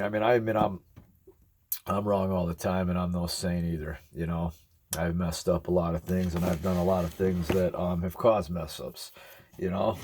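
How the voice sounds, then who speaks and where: A man in his forties, an ASMR YouTuber, eats while talking casually to camera. His voice is low-pitched with a darkish tone, and he rambles reflectively and earnestly to his viewers.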